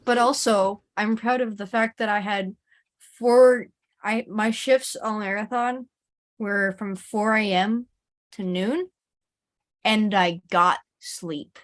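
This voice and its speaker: A woman on a casual stream panel, answering in a thoughtful, deliberate way. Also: medium pitch, fairly even intonation.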